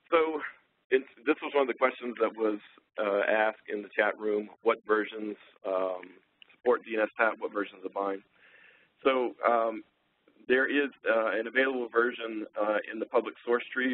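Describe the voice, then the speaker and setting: A man presenting a technical webinar, relaxed and full of ums and uhs as he thinks aloud. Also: fairly low pitch, dry recording. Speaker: webinar presenter, sales engineer. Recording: tinny phone-line audio.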